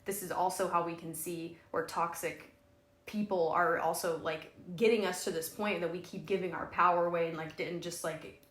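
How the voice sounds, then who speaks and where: A woman's voice: lowish voice, fairly even intonation, moderate pace, fairly bright tone, roomy sound. A woman co-hosting a podcast in casual chat, candid and often laughing, trailing off and restarting, with frequent swearing. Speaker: podcast co-host.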